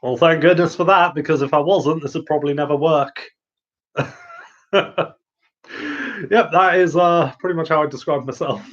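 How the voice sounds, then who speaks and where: A giggly man rambling through a casual chat show, his thoughts trailing through ums and uhs. His voice sits somewhat high for a man. The sound is muffled and lo-fi. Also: steady tone, normal speed, long pauses, fairly bright tone. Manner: rambling, giggly, full of fillers. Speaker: host answering viewer questions. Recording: muffled lo-fi audio.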